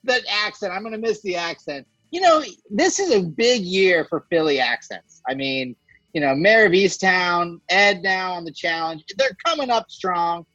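A man's voice: high-pitched, expressive, moderate pace, bright, forceful tone, dry recording, highs cut off, soft background music. A man co-hosting a podcast in casual chat, jokey and profane, rambling through his picks. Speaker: podcast co-host.

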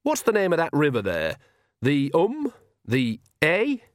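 A cheerful, crafty old witch gives orders in a raised, bright folksy voice, as a male reader puts her on. She is bossy and sure of herself. The sound is dry and close. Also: a little high, huge pitch swings, measured pace, dry recording, pitched above the performer's own voice.

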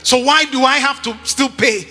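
A man preaching a sermon to a congregation, emphatic and often shouting, repeating his phrases for effect. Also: extremely high pitch, normal speed, big-room sound.

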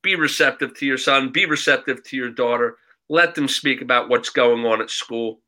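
Bright-voiced man giving earnest advice. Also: mid-range voice, moderate pace, low-quality recording. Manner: emphatic, repeats for emphasis.

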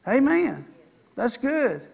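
Man, middle-aged, high voice, sermon, call-and-response. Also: very animated, measured pace, gravelly, husky. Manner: preaching with call-and-response "Amen". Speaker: pastor.

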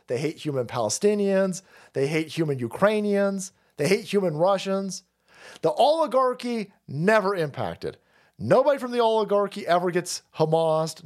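A man hosting a livestream, chatting casually and reading chat, profane and rambling, laughing often. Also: fairly high pitch. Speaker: livestream host.

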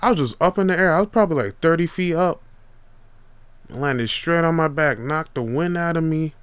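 A man's voice: a little high, fairly quick, clear, resonant tone, no room sound. A young man hosting a podcast, telling casual stories with lots of profanity and slang. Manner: profane, animated, laid-back slang. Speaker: podcast host. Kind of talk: casual storytelling monologue.

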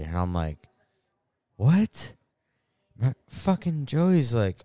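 A man's voice: lowish voice, sing-song, normal speed, pauses often, warm tone, dry recording, clean studio sound. Swearing, emphatic man in crude chat. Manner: emphatic, laughs often, swears a lot. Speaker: podcast co-host.

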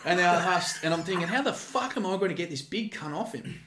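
A former security guard tells a lively, profane anecdote in a casual way, his voice sitting high and his speech fast. The recording has a roomy echo.

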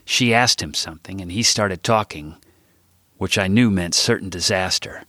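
A man reading his own book aloud as first-person narration, jumping much higher and louder whenever he voices dialogue. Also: normal speed, dry recording, clean studio sound.

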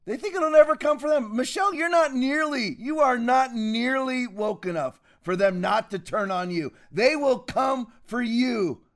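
A man's voice: very high-pitched, normal speed, few pauses. A man hosting a commentary show, talking in a combative, mocking and preachy way. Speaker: show host.

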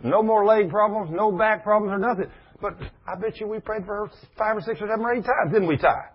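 A man preaching a sermon with animated delivery, turning to speak to people in the room as he goes. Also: high voice, a little fast, breathy edge. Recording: dull lo-fi recording.

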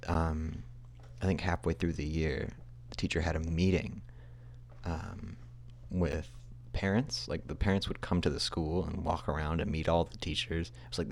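Brief: young male podcast host, deep voice, rambling and self-deprecating storyteller. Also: a little mellow, a little hiss or hum. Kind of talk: casual storytelling.

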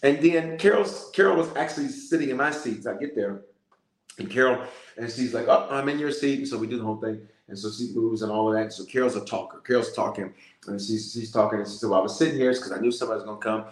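A male bishop preaching in a lively storytelling way and calling out to his listeners. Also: mid-range voice, fast talker, roomy sound. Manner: storytelling, animated, calls out to listeners. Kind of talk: sermon-style prayer message.

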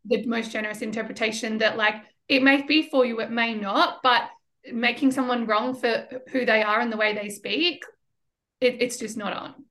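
A woman's voice: a little high, fairly even intonation, normal speed, a bit bright. A woman hosting a podcast, chatting casually and affirming her guest, with casual swearing. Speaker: podcast host.

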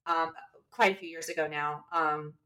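A woman co-hosting a casual chat, telling stories in a lively way and acting out the lines of the people in them. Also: sits low, normal speed, distant mic. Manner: animated, acts out quoted dialogue. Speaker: podcast co-host and bridal shop owner.

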